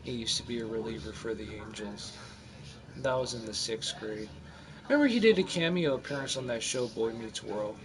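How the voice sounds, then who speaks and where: A man in his forties casually telling a rambling story over his gameplay, animated and full of restarts. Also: mid-range voice, moderate pace. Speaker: gamer narrating his gameplay.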